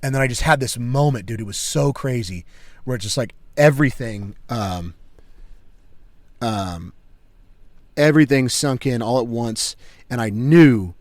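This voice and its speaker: A man's voice: medium pitch, unhurried, pauses often, dry recording. A man co-hosting a podcast, telling a personal story in casual chat, emphatic and peppered with "like" and "dude". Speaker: podcast co-host.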